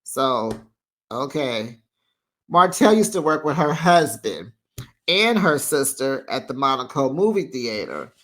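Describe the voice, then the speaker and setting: A host recapping a reality show in a casual, chatty way, with playful shade and lively asides. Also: mid-range voice, a little slow. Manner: animated, chatty, playfully shady.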